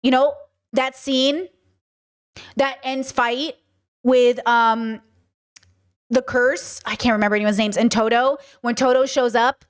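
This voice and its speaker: A young woman hosting her channel, chatting casually about shows in an animated, swearing way, often saying bro. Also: high voice, measured pace, pauses often, smooth. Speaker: channel host. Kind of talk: casual commentary chat.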